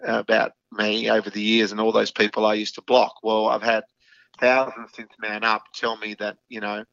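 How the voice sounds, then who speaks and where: A man's voice: on the low side, level tone, moderate pace, creaky, a bit bright, no echo. A middle-aged man with an Australian accent, speaking frankly as an interview guest, with many fillers and restarts. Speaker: guest, foundation founder. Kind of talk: candid interview talk. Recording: slightly dull lo-fi audio.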